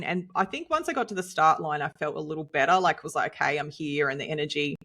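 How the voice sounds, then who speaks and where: An Australian woman co-hosting a podcast, telling a story in a lively, chatty way and laughing often. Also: low voice. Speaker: podcast co-host and nutritionist. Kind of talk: casual storytelling chat.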